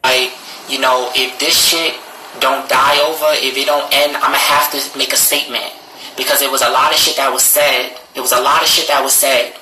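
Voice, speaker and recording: A man's voice: mid-range voice, little pitch movement, normal speed, sharp tone, a little hiss or hum. A man talking casually to live-stream viewers, blunt and profane, his voice jumping up when he gets indignant. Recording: roomy echo.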